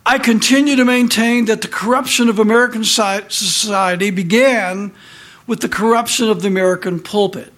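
A man's voice: high-pitched, fairly even intonation, a little fast, a bit bright. A middle-aged man reading political commentary aloud, indignant and marking every quotation with "quote" and "close quote".

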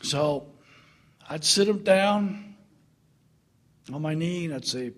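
A middle-aged man preaching through a family story, swinging from loud laughter to hushed earnestness. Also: fairly high pitch, animated, takes it slowly, pauses often. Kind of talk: storytelling sermon.

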